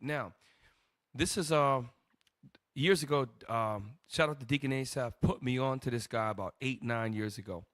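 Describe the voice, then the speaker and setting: A male host of a religious broadcast segment, talking in a loud, mocking, scolding manner. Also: mid-range voice, normal speed, no room sound, clean studio sound.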